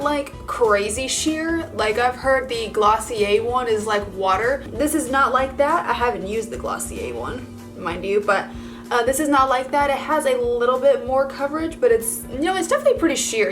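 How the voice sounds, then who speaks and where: A woman's voice: fairly high pitch, a bit bright. A young woman chatting casually in a get-ready-with-me makeup video, gushing and full of filler words. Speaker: beauty vlogger.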